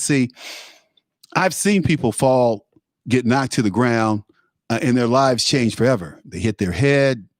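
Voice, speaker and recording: A man's voice: mid-range voice, no echo, clean studio sound. A man hosting a live talk show, delivering an opinionated, rambling monologue full of fillers and restarts.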